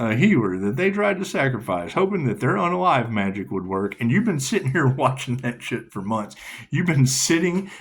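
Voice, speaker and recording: A man giving a casual tarot reading, rambling and profane, laughing often. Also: breathy edge. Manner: rambling, profane, laughs often, reads card text in a lilting high voice. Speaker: tarot reader.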